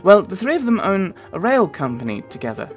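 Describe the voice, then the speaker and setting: A sweet, breathless young girl, as a man puts her on for a video game, polite and a little anxious. Her voice sits high above his own and swings up and down a great deal as she tells her story. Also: very animated, a little fast, soft background music. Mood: earnest.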